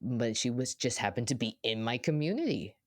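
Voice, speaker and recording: A therapist co-hosting a podcast, chatting casually and telling everyday stories with lively acted-out quotes. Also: medium pitch, fairly quick, no echo, clean studio sound. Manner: animated storyteller who acts out quoted voices.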